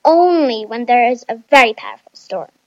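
Brief: woman playing a dramatic, easily panicked young woman, very high and shrill. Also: animated, moderate pace, darkish tone, no echo, lo-fi sound. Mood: eager. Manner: shrill and whiny.

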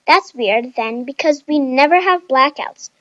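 Brief: woman playing a dramatic, easily panicked young woman, very high and shrill. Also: animated, a little slow, a bit bright, dry recording, muffled recording. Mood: eager. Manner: shrill and whiny.

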